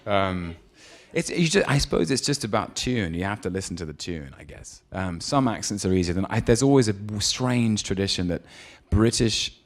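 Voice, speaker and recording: A man's voice: fairly low pitch, expressive, normal speed, hardly any pauses. A man, an actor being interviewed, telling stories and giving advice in a thoughtful, hesitant way with frequent ums and easy laughter. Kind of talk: relaxed anecdote and advice in an on-stage interview.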